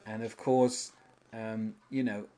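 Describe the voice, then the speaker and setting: A man's voice: lowish voice, little pitch movement, takes it slowly, warm tone. A man hosting a casual podcast, rambling through an episode recap with many fillers and frequent chuckles. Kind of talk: casual chat.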